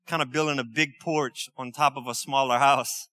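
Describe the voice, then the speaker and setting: A man's voice: mid-range voice, steady tone, moderate pace, pushed and bright. A man preaching a conversational sermon, reading scripture and breaking off for light asides. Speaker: pastor.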